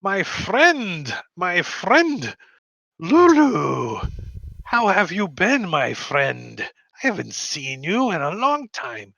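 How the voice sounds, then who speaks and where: Guy doing a gushy merchant dude w/ indian accent, bright and bouncy. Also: high voice, huge pitch swings, extremely slow, creaky, no room sound, pitched above the performer's own voice, heavily acted. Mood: effusive, insistent.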